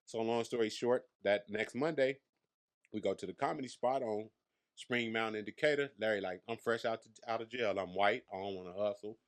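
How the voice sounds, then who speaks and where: A man's voice: on the low side, brisk. A man in his thirties from Las Vegas, a comedian guest telling brash, profane stories in a casual interview. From Las Vegas, USA. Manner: brash, profane, boastful storyteller.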